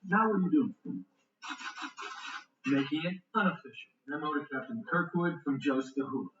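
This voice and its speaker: An actor plays a police detective with a dry, joking way of talking. The track is roomy and dull, heard from a distance. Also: male voice, on the high side, lively intonation, normal speed, background noise, close to an everyday voice. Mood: wry. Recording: roomy, dull TV audio from far off.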